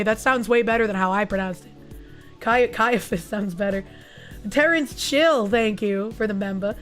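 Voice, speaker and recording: A woman with a somewhat high voice that has gone hoarse and raspy after being sick, chatting loosely with viewers and swearing freely. Faint music plays beneath her talk. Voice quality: raspy, husky. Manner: casual and crude, swears often. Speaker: VTuber streamer. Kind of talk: casual livestream chat reading super chats.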